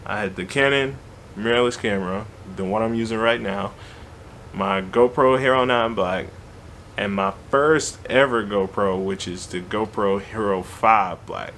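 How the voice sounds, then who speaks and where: A man tells a story in an animated, slangy, conversational way. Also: on the low side, measured pace, a little hiss or hum. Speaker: vlogger. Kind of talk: casual storytelling.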